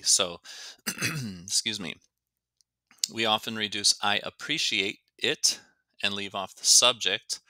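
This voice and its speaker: A man's voice: lowish voice, pushed and bright, no echo. A man teaching an English lesson, explaining grammar and carefully stretching out words to show their pronunciation. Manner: slow, careful, demonstrates words by stretching them out.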